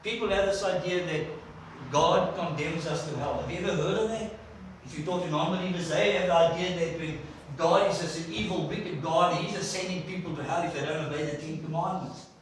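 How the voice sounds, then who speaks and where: Preacher in an echoey church. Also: male voice, on the high side, a little fast, slight background noise. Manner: storytelling, asks the congregation questions. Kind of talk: sermon. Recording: echoey church hall from far off.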